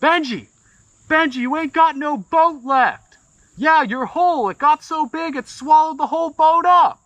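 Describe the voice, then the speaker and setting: An excited man, as a storyteller puts him on, hollers across a lake in a strained, high, bright yell. Each shout pushes up hard, the voice thin and piercing with urgency. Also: a little slow, dry recording, lo-fi sound.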